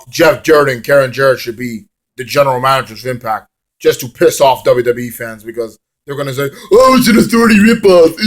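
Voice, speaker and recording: A man casually reviewing a wrestling show in a rambling, swear-laced manner, drifting into hummed song bits. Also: mid-range voice.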